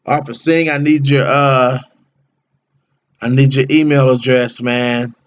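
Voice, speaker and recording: A man's voice: medium pitch, level tone, slow pace, lo-fi sound, a little hiss or hum. A man hosting a casual livestream, chatting with viewers by name in slangy, laid-back talk. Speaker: livestream host.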